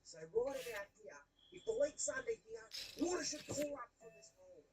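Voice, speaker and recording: Lively high-voiced woman calling viewers mate. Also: normal speed, far from the mic, low-quality recording. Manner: chatty, excitable, keeps saying mate to viewers. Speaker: leak-detection tradesperson. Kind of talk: on-the-job video commentary. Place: indoors under a shopping centre building.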